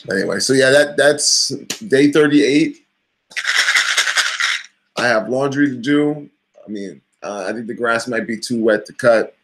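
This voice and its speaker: A man's voice: medium pitch, unhurried, pauses often, background noise. A middle-aged man vlogging casually, giving a blunt, profane pep talk. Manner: blunt, swears freely, motivational pep talk. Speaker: vlogger and coach. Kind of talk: casual talking-head vlog.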